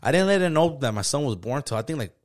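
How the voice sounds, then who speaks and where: A man's voice: a little high, big pitch swings, quick pace. A man, telling stories in a casual, profane podcast chat, acting out quotes. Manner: slangy, profane, storytelling with acted-out quotes. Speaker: podcast co-host.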